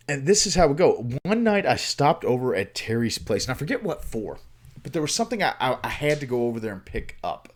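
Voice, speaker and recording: A man's voice: medium pitch, sing-song, a little fast. A man hosting a livestream, telling a story casually and at length, with swearing and many fillers. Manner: rambling, profane, with many fillers. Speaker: livestream host.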